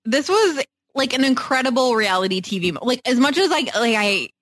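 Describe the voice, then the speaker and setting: A woman's voice: high-pitched, lively intonation, brisk, fairly bright tone, no room sound. Chatty woman with a dry, close sound. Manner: chatty, many fillers and restarts. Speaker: podcast co-host. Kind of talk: casual chat recapping a reality show.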